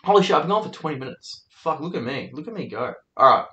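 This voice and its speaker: Young Australian comic host, casual swearing storyteller, slightly high voice, roomy sound. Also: male voice, lively intonation, fast talker, bright, forceful tone, lo-fi sound. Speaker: podcast host and comedian. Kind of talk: solo storytelling monologue.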